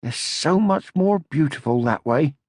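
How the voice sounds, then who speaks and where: A man voicing a kind, calm, motherly troll creature in an audiobook, speaking gently. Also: a little high, measured pace, no room sound, clean studio sound, pitched above the performer's own voice. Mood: gentle. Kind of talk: audiobook character voice.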